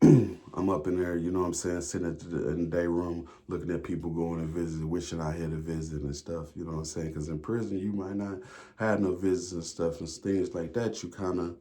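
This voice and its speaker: A man with a very deep voice and a dark, mellow tone tells a story in a loose, rambling way. He drops slang, swears freely and keeps circling back with fillers. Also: level tone, fairly quick. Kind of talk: casual storytime monologue.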